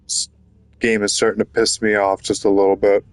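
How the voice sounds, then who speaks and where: A man's voice: fairly low pitch, level tone, normal speed, no echo. A man giving casual commentary while playing a video game, frustrated, rambling and swearing. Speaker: gaming YouTuber.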